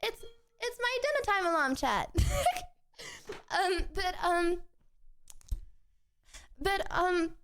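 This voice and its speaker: A young woman with a bright, high voice chats with her live viewers from home. She rambles, laughs easily and trips over her own sentences as she goes. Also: expressive, slow, long pauses, slight background noise. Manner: chatty and rambling, with frequent restarts and giggles. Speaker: streamer. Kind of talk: casual chat with viewers.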